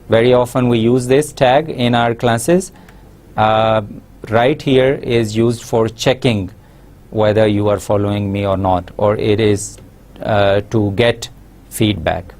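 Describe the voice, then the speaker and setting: Slow-paced lecturing man. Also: on the low side, steady tone, a little mellow. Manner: slow, explanatory, frequent uh fillers. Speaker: English lecturer. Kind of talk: recorded university lecture.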